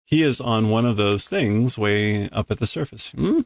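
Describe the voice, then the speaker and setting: A man's voice: lowish voice, lively intonation, moderate pace, vocal fry, a bit bright, no room sound, clean studio sound. A man casually reading a manga aloud on a live stream, sounding out Japanese lines and translating them with amused chuckles.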